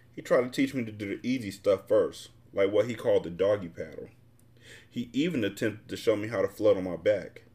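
A podcast host reading a novel aloud in a fairly low male voice. He narrates in a relaxed, casual storytelling manner, leaning into the slang of the text.

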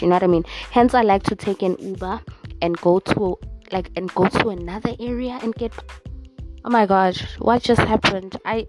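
With a fairly low, darkish-toned voice, a young South African woman rants alone on her podcast. She's blunt and sassy in this casual talk, cursing heavily.

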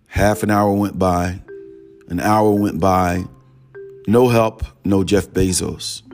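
A man's voice: lowish voice, darkish tone. Man telling a sermon story over music. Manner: conversational, repeats "he said" as he tells a story. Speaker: preacher.

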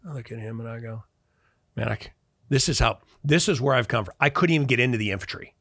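Brief: middle-aged man from Chicago, bright voice, dry close sound, lively storyteller. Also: medium pitch, fast, creaky, no echo. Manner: animated, acts out quoted dialogue. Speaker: guest. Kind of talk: casual storytelling in conversation.

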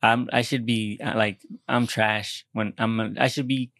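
A man's voice: lowish voice, fairly even intonation, a little slow, fairly bright tone, no echo. Young american guy rambling and cussing on a podcast, dry close sound. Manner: rambling, self-deprecating, swears a lot, frequent restarts. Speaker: podcast co-host. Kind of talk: casual podcast chat.

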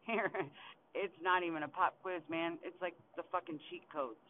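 A young man hosting a podcast, venting in a frustrated, profane monologue full of halting restarts while sitting in his car. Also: on the high side. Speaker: podcast host. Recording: tinny phone-like recording with faint hiss.

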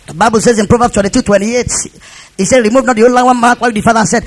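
A man's voice: extremely high pitch, quick pace, vocal fry, noisy background. A man preaching a sermon, repeating phrases and leading the congregation in call-and-response. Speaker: pastor.

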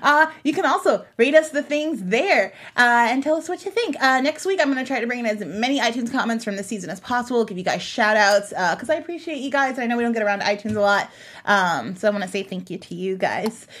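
A woman's voice: fairly high pitch, lively intonation, quick pace, a bit bright. A woman hosting a casual TV after-show panel, upbeat and steering the talk between topics. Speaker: host.

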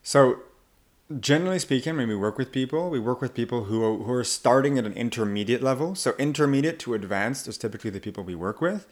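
Man, accent coach, casual interview, animated, middle pitch. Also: fast. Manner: animated, acts out quoted voices.

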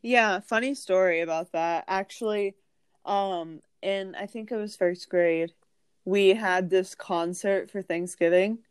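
A woman's voice: medium pitch, a little slow, clear, resonant tone, no room sound. A young woman in casual chat, telling stories with lots of fillers. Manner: chatty storytelling with many fillers.

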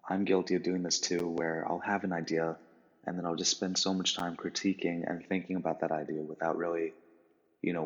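A man, a podcast guest with a voice getting creaky, rambling casually with lots of fillers. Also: sits low. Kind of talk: casual interview. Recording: dull line with long reverb.

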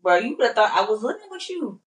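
A young woman, co-hosting a casual chat and telling animated, slangy stories. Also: on the high side, a little fast. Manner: animated storytelling, slangy, acts out quotes. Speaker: podcast co-host. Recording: echoey room, voice off-mic.

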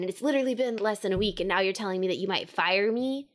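A young woman in her twenties, a podcast co-host, telling her story in a casual, slangy, animated way and acting out the voices she quotes. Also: mid-range voice, fast talker.

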